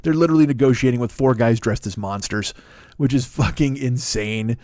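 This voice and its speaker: A middle-aged male comedian riffs through a loose, sarcastic monologue, swearing freely and wandering off on tangents. His voice sits at an ordinary pitch. The recording is dry and close. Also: moderate pace, darkish tone, dry recording. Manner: rambling, profane, sarcastic. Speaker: comedian podcast host. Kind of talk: stand-up style monologue.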